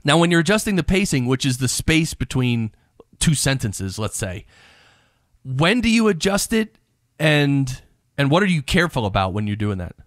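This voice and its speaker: Host, male, mid-pitched, chatty and laughing, dry close mic. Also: very animated, no echo. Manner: chatty, quick to laugh, many fillers like "like". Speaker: podcast host. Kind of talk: conversational interview.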